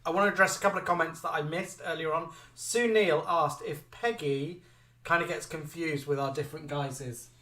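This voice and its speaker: A man co-hosting a live chat show, reading out viewer comments in an animated way. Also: fairly high pitch, normal speed, far from the mic. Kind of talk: casual live-stream chat. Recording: echoey room, away from the mic.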